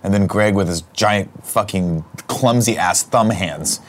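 A man co-hosting a comedy podcast in casual chat, loud, excitable and full of swearing. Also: lowish voice, unhurried. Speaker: podcast co-host.

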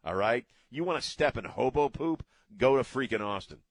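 A man's voice: medium pitch, animated, normal speed, slightly rough, no echo. A middle-aged man hosting a radio talk show, ranting bluntly in a casual way and cursing freely.

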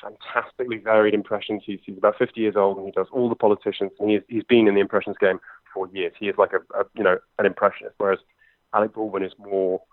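A young comedian with a London accent talks quickly and loosely, with plenty of fillers. His voice sits fairly low. The sound is thin and dry, like a phone call. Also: flat delivery, no echo. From England. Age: 20s. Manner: quick, chatty, lots of fillers. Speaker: impressionist and comedian. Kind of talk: conversational interview. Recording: tinny phone line, dry.

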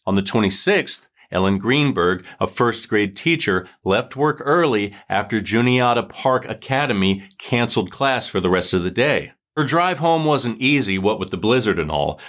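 A man's voice: mid-range voice, a bit bright. Man narrating true crime dramatically. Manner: dramatic, measured storytelling. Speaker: host.

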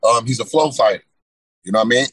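A man's voice: mid-range voice, fast talker, a bit bright, no echo, poor audio. A man in a casual interview, talking laid-back and often asking "you know what I mean". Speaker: guest fighter.

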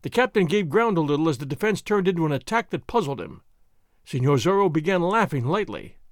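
Lively, expressive male storyteller. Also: a little high, brisk, no echo, clean studio sound. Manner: expressive storytelling, varied characters. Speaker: audiobook narrator. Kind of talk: scripted narration of a classic adventure novel.

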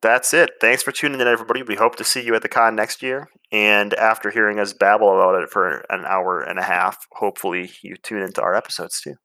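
Bright-voiced podcast co-host man. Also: fairly low pitch, quick pace, few pauses, dry recording. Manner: relaxed, chatty, with fillers. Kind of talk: casual chat.

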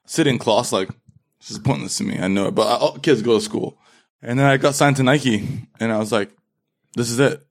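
A man's voice: mid-range voice, brisk, vocal fry. A young man from London with a London accent, telling his story as an interview guest and animatedly acting out quotes. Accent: London English. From London, England. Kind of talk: casual interview chat.

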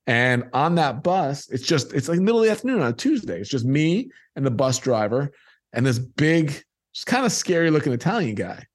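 A man's voice: medium pitch, sing-song, a little fast. A middle-aged man telling a personal childhood story and acting out the people in it.

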